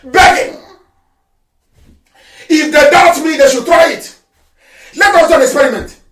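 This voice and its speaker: A man delivers a fiery radio address, shouting, mocking and scolding. His voice sits high. It comes through echoey and distant, well off the mic. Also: measured pace. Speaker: political activist broadcaster.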